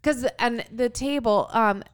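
A woman's voice: on the high side, unhurried, smooth. A young adult woman co-hosting a podcast, telling a story in casual chat and acting out her own quotes with animation. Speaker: podcast co-host.

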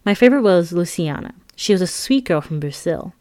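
A woman's voice: on the low side, animated, brisk, dark tone, no room sound, clean studio sound. Candid, wry woman narrating a memoir. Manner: candid and wry, with asides to the listener.

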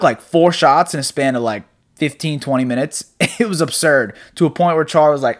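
A man's voice: fairly high pitch, moderate pace. A young man hosting a casual solo podcast from his apartment, rambling in a loose, laid-back way, swearing freely and laughing often. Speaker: podcast host. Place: apartment room at home.

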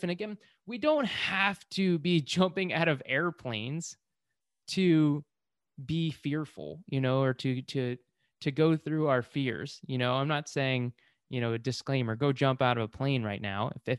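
A man telling a personal story in an animated motivational monologue, with lots of fillers, acting out his own excited screams. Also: on the high side, moderate pace, clean tone, no room sound, clean studio sound.

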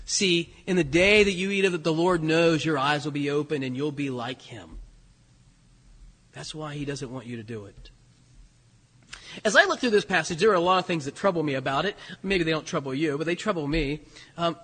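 Male preacher, sermon delivery, husky, echoing church hall. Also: fairly high pitch. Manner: animated, rhetorical questions, voices quoted lines. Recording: long hall reverb.

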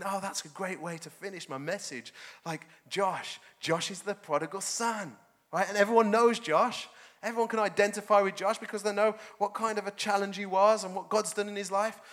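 A man preaching a sermon as pastor, animated and jokey. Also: high voice. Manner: animated, jokey, laughs often.

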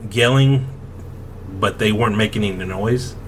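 A man hosting a podcast, telling a story in a rambling, halting way with frequent laughs. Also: lowish voice, a bit bright, slight background noise. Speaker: podcast host. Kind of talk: casual chat.

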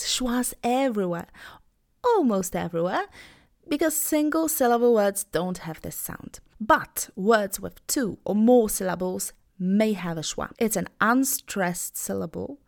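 A young woman whose first language is Polish, teaching English pronunciation on a podcast in an upbeat, clear voice and sounding out words slowly and carefully. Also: mid-range voice. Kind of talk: podcast lesson.

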